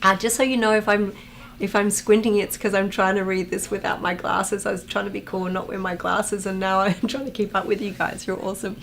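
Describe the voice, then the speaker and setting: A woman chatting casually on a live stream, reading viewer comments aloud and greeting chatters with bursts of excitement. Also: medium pitch, fairly quick, creaky. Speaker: actress hosting a watch-along chat.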